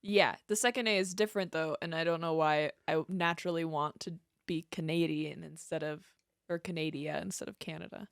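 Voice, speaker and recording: A young woman co-hosting a podcast, tossing in quick jokes and reactions. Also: deep voice, fairly even intonation, gravelly, no room sound, studio quality. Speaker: podcast co-host. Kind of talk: casual chat.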